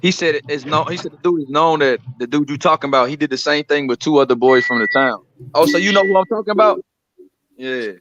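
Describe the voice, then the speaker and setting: A man chatting on a stream, telling a story fast and acting out what the other man said. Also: a little high, dull audio, background noise. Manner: rapid, acts out the other man's lines. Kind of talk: casual chat on a stream.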